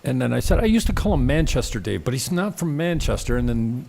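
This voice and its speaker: A man's voice: mid-range voice, big pitch swings, a little fast, creaky, a little mellow. A Canadian man hosting a casual live-stream chat, telling rambling stories with swearing and laughter. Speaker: host.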